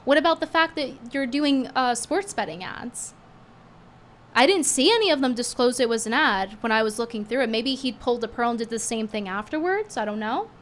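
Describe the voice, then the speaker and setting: A woman streamer does casual commentary, sarcastic and animated, flaring up indignantly until her voice turns slightly hoarse. She sits on the high side with lively intonation and a fairly bright tone, talking a little fast. There's a little hiss or hum in the audio.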